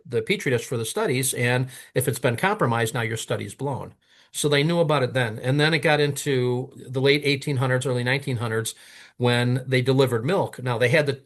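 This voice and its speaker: A man telling stories in a casual interview, animated and often stumbling over and repeating his words. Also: medium pitch. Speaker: guest, product maker.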